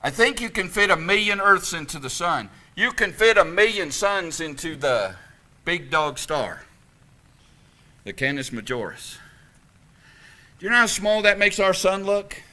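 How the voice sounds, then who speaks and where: A man preaching a sermon as pastor in a church, animated and emphatic, swinging from loud peaks to quiet passages. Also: a little high, normal speed. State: out of breath. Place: church sanctuary.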